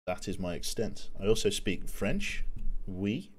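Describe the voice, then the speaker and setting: A man's voice: low voice, animated, a little slow, slightly rough. A young man streaming a video game, chatting and joking with his viewers while he plays. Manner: chatty, joking, talks to chat while playing. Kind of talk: casual gameplay commentary.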